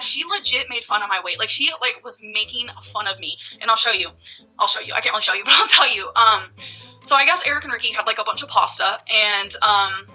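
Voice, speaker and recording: A woman's voice: fairly high pitch, bright, forceful tone, low-quality recording. A woman telling a story on her vlog, emphatic and heated, with many fillers like "like" and "um". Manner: emphatic, heated rant full of "like" and "um". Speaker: vlogger.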